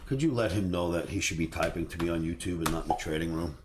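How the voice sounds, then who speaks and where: A man's voice: low voice, quick pace, noisy background. A middle-aged man, casually telling a story to a live stream and acting out the voices of people in it. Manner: animated, acts out voices of people in his stories. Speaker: trading educator telling stories.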